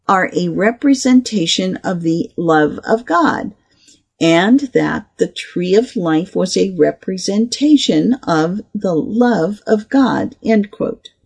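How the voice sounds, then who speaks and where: A reader reading a scholarly article aloud, saying the quote marks and punctuation out loud. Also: medium pitch, gravelly, slightly rough.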